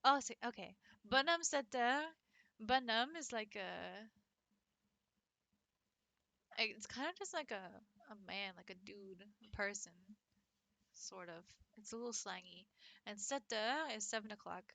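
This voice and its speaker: Young woman, casual stream chat, bright voice, dry close sound, laughs a lot. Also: mid-range voice, expressive, normal speed, creaky, dry recording. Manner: chatty, laughs often, many likes. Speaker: streamer and French teacher.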